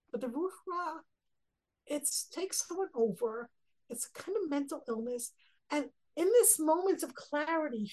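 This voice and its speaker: Woman, Torah lesson teacher, earnest, slightly high voice, breathy tone. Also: warm tone, rough recording. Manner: earnest, explains verses with Hebrew quotes. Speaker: Bible teacher.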